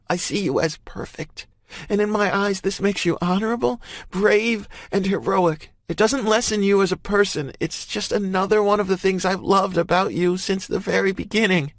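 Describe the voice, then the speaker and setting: A man's voice: moderate pace, no echo, clean studio sound. A man voicing a fierce, stubborn young woman. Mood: impassioned. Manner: high-pitched, loud, cutting.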